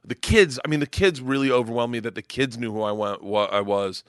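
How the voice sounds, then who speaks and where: A middle-aged man from Florida, a comedian guest telling animated, profane stories and acting out quotes loudly. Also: medium pitch, fairly quick, no room sound, clean studio sound. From Tampa, Florida. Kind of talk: casual storytelling chat.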